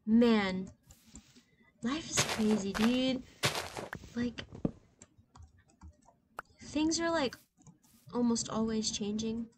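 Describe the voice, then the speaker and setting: With a fairly high voice, drawn-out words and frequent pauses, a gaming channel host in her twenties rambles casually through a game using many fillers. Moments of soft reflection give way to loud excitement, and keyboard and mouse noise is clearly heard.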